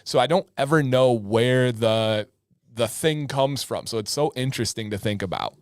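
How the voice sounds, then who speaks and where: A man's voice: medium pitch, animated, moderate pace, no echo, studio quality. A man co-hosting a casual livestream, enthusiastic as he retells stories and brings up viewer comments. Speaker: livestream co-host.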